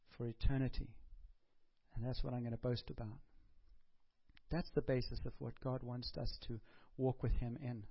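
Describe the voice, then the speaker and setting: A man's voice: medium pitch, highs cut off. A man preaching a sermon in a conversational way, putting questions to the congregation and taking their answers. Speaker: pastor.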